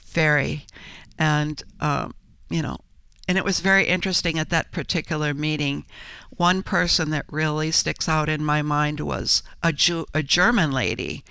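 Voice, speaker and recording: An older woman telling her story as an interview guest, earnest and halting, with frequent restarts. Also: low-pitched, pushed and bright, smooth, no room sound. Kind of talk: interview conversation.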